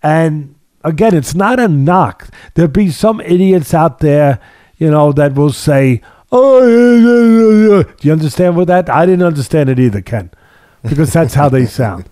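A man's voice: a little high, normal speed, dark tone, dry recording, clean studio sound. A man hosting a casual sports talk podcast as a boxing analyst. He talks emphatically, repeating phrases for stress, with a sardonic edge and long analogies.

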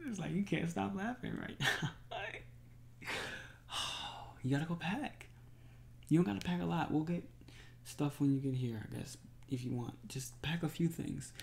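Gravelly man in a whispered role-play. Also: a little high, measured pace, long pauses. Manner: soft and affectionate, often breaking into laughs and sighs. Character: adoring boyfriend, emotional and overjoyed. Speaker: ASMR creator.

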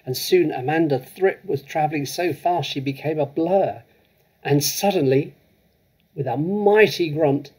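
A man reads a children's story aloud in a measured, expressive way. His voice is gravelly, with a husky edge, and sits at an ordinary pitch. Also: poor audio. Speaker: story reader.

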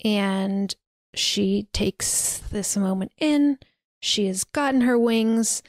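A woman's voice: medium pitch, slow pace, no echo. Chatty young woman retelling a film. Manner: chatty, many fillers like "like", laughs while retelling. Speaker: podcast host recapping a film. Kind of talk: casual film recap storytelling.

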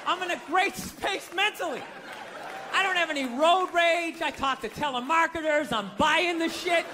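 High bright guy doing standup, cursing and ranting, crowd laughing faintly behind. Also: normal speed, noisy background. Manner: ranting, profane and incredulous. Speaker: stand-up comedian. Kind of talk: stand-up comedy. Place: stage before a live audience. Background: audience laughter.

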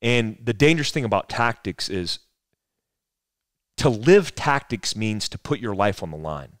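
A man's voice: on the low side, very animated, a little slow, dry recording, studio quality. A man in his forties, a former soldier, telling a rambling, profane story as a podcast guest. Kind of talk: casual storytelling conversation.

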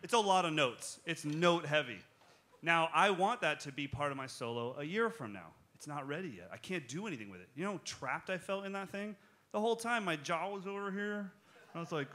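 Drum teacher guy at a clinic, bright voice, jokey, talks right at the crowd. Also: on the high side, a little fast. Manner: animated, joking, talks straight to the audience. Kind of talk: live drum clinic talk with Q&A. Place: music shop clinic in front of an audience.

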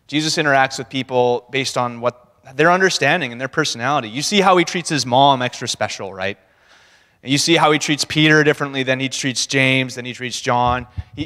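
A man's voice: mid-range voice, a little fast, a bit bright. Man talking casually in a reverberant church. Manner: conversational, laughing, acts out quotes. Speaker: church speaker. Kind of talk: casual sermon talk. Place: church sanctuary. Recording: long church-hall reverb.

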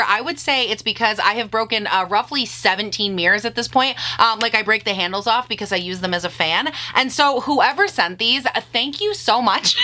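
A woman hosting a casual makeup haul vlog, gushing and excitable, gasping over each item. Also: a little high. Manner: gushing, excitable, swears mildly, gasps often. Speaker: beauty vlogger.

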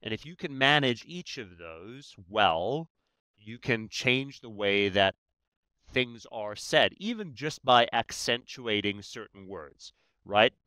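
Bright-voiced man explaining with emphasis. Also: mid-range voice, animated, slow, clean tone, no echo. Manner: emphatic, many "right?" tags. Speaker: negotiation expert guest. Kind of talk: conversational explaining.

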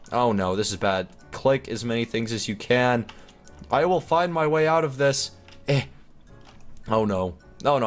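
Male gaming YouTuber, mid-pitched, chatty and giggly, narrating his own play over faint music. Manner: chatty and giggly, talking to himself. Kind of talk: gameplay commentary.

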